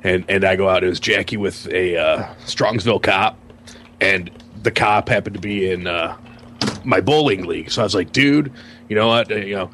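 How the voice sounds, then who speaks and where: A man telling an anecdote in casual chat, halting and full of ums and uhs. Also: lowish voice, a bit bright, a little hiss or hum. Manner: halting, filler-heavy storyteller.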